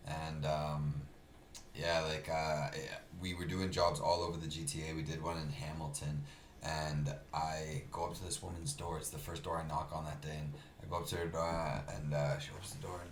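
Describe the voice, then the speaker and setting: Deep-voiced young man in a noisy echoey room. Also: flat delivery, moderate pace. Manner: laughing storyteller, loose and profane. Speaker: guest, rapper. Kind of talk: casual podcast chat.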